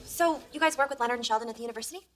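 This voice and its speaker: A woman's voice: a little high, very fast, heavy background noise, close to an everyday voice. An actress playing a friendly, chatty young woman who giggles as she talks. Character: friendly young woman meeting new people.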